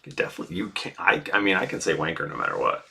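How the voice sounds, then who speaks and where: A man's voice: deep voice, expressive, rapid-fire, gravelly, pushed and bright, a little hiss or hum. A man from the US Northeast, a craft streamer, chatting casually with his viewers in a rambling, self-deprecating way and swearing freely. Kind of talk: casual livestream chat.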